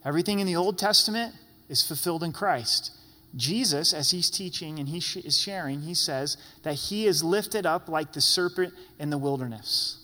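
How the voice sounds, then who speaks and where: A man preaching a sermon in a lively way, playfully acting out grumbling voices. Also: a little high. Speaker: pastor. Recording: long hall reverb.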